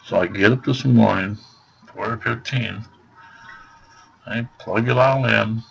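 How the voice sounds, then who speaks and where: A man's voice: on the low side, slow pace, gravelly, a little hiss or hum, rough recording. A man telling a rambling, exasperated story about a store visit in a casual vlog, packed with fillers. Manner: rambling retelling full of fillers; exasperated complaining. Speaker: vlogger.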